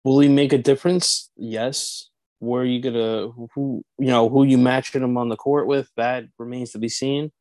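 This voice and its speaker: A young man co-hosting a sports podcast, talking in a measured, casual way and weighing each point with questions he answers himself. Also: mid-range voice, steady tone, darkish tone, no echo. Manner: measured, hedging, asks and answers his own questions. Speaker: podcast co-host.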